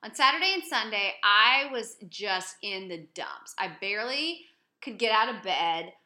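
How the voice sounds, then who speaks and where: A woman's voice: mid-range voice, lively intonation, measured pace, pushed and bright, roomy sound. A woman in her thirties co-hosting a casual chat, telling stories expressively and reacting with gasps. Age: 30s. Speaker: podcast co-host.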